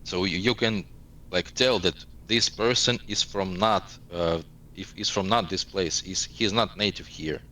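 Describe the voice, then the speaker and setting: A man's voice: low-pitched, a little slow, bright, forceful tone, rough recording. A man in his thirties from eastern Ukraine, speaking as an interview guest and searching for words in English. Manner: searching for words in a second language. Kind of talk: casual interview talk.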